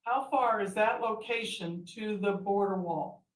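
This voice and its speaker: A woman attorney questioning a witness in a courtroom, asking deliberate, leading questions. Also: mid-range voice. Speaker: defense attorney. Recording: echoey courtroom audio from far mic.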